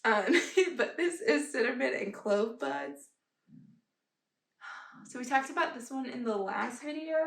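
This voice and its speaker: A woman, chatting casually as a vlogger, animated and laughing often. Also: on the high side, gravelly. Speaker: candle haul vlogger. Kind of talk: casual chat. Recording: echoey room with faint noise.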